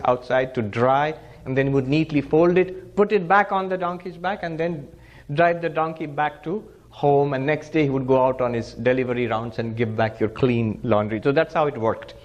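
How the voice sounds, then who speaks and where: A man's voice: mid-range voice, highs cut off. A man teaching Vedanta as a monk, telling a parable with acted-out dialogue. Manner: animated storyteller, acts out characters' lines, chants Sanskrit verse. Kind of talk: spiritual lecture with storytelling.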